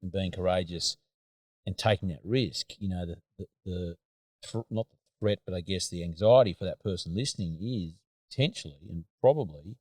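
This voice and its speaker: A man's voice: sits low, normal speed, a little mellow, dry recording, clean studio sound. An Australian man hosting a casual chat, rambling and hesitant, with many fillers.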